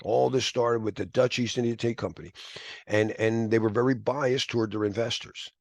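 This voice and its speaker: A man teaching a live class, talking in a rambling, animated way with quick whispered asides. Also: mid-range voice, dry recording. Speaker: instructor.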